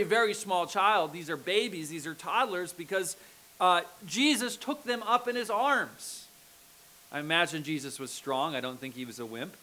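A male pastor with a high, sharp-toned voice preaches a sermon conversationally, frequently checking in with the congregation by asking "okay?" and "right?". The audio is poor.

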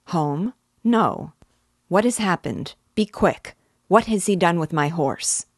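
A woman reading aloud and voicing a proud, anxious young gentleman who speaks hastily and bitterly. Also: sits low, moderate pace, no echo, clean studio sound, lightly acted. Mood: agitated. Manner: hasty, bitter.

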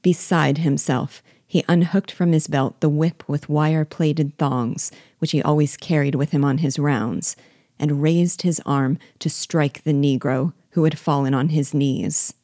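A woman reads a classic novel aloud at a slow, measured pace. Her voice is low and warm, and the recording is close and dry with no room sound. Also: fairly even intonation, no echo. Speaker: reader and teacher.

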